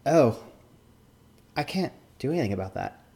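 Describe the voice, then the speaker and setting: A man's voice: on the low side, racing, dark tone, lightly acted. A man mimicking a dismissive judge supervisor. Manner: mocking put-on accent. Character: dismissive male judge supervisor brushing off complaints.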